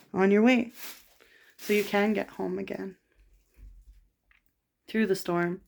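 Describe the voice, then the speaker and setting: Middle-aged Canadian woman, gravelly and flat-toned, raw rambling personal monologue. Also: medium pitch. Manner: rambling, raw and halting, with restarts. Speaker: vlogger.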